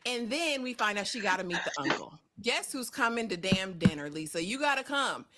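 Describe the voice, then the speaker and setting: A woman hosting a casual reality TV recap, animated and laughing as she acts out what the cast said. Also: medium pitch, a little fast, over a noisy crowd. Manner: animated, laughing, acting out quotes in exaggerated voices.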